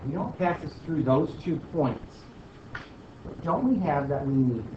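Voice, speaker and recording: A man's voice: on the high side, sing-song, a little slow, recorded from a distance, slight background noise. A man teaching a math class, questioning students and joking as a self-declared stickler. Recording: roomy, dull, from across the room.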